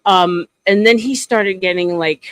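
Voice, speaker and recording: A woman's voice: medium pitch, unhurried, fairly bright tone, clean tone, dry recording, rough recording. A woman in casual chat, telling a long story with many fillers and restarts. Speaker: streamer guest.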